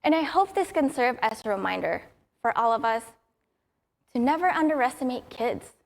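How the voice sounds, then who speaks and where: A woman's voice: fairly high pitch, lively intonation, moderate pace, vocal fry. A young adult woman giving a prepared conference talk in an upbeat, storytelling way. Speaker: conference speaker.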